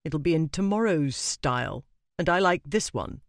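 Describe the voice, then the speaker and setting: Narrator as a disdainful aristocrat, clipped and dry, lively inflection. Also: male voice, fairly high pitch, normal speed, creaky, no echo. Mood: irritated. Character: cool, irritable aristocratic Regency gentleman.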